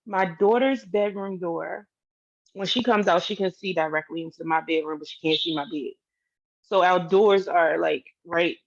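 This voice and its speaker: A woman's voice: fairly low pitch, gravelly, dull audio. A woman telling a personal story to her viewers in a candid, casual way, swearing freely and speaking straight to the audience. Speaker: vlogger.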